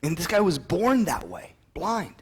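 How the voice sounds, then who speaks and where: Animated male preacher telling stories. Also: measured pace. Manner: animated storytelling, acting out quoted voices; drops to a soft, earnest low voice when appealing. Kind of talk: sermon.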